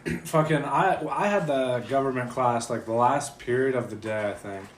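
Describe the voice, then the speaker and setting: Young male guest, relaxed hesitant storyteller, echoey room. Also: mid-range voice, moderate pace. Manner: laid-back, hesitant, fillers and swearing. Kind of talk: casual chat. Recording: roomy echo, faint noise.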